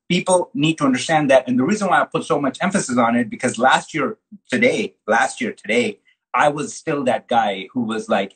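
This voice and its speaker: A man hosting a relaxed interview chat, lively and full of slang. His voice is deeply husky and rough-edged. He talks fast and excitedly, with quick asides. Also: rough recording. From from the US Midwest. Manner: animated, slangy, calls people dude. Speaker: host, colorist.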